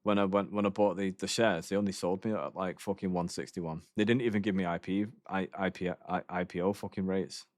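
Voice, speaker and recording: A man's voice: low voice, steady tone, a little fast, hardly any pauses, a little mellow, no echo, studio quality. A man streaming a game, telling rambling stories in casual chat, swearing often and laughing between lines.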